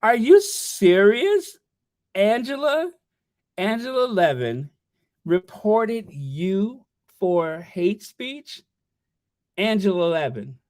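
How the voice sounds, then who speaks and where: Slow rambling livestream host. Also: mid-range voice, sing-song, a little mellow, dry recording, studio quality. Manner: rambling, stammering, reading viewer messages aloud. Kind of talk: casual livestream chat.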